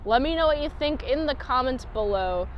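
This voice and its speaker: High-voiced chatty woman reviewer. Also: lively intonation, moderate pace, highs cut off. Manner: chatty and giggly, with many fillers. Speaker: TV episode reviewer. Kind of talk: casual review vlog.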